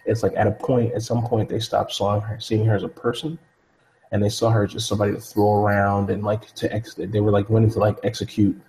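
A man's voice: lowish voice, level tone, a little fast, darkish tone, slight background noise, rough recording. A man telling a story in casual chat, loose and rambling, with many fillers, acting out the people he quotes.

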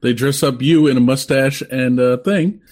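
A man's voice: medium pitch, normal speed, darkish tone. A man in casual chat who cuts in with dry jokes and short reactions.

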